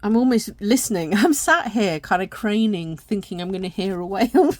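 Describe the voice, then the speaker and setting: A woman walking through an oracle deck in a gentle, rambling way, tired and yawning now and then. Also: mid-range voice, animated, normal speed, no echo. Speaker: tarot and oracle deck reviewer. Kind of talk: casual deck walkthrough.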